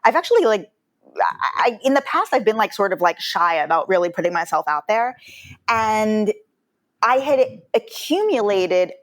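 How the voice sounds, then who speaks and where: A woman's voice: mid-range voice, big pitch swings, moderate pace. Chatty woman guest on a podcast. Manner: chatty, lots of "like" and restarts. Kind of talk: casual podcast chat.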